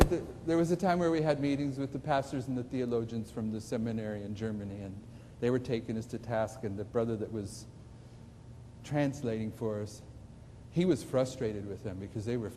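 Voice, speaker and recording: A man delivers a sermon in a mellow, low-brightness voice. He presses his listeners with repeated questions. The sound comes from a large hall with long reverb and a faint hum underneath. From United States. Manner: emphatic, asks the audience questions. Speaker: preacher. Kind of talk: sermon lecture. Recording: distant echoey hall recording.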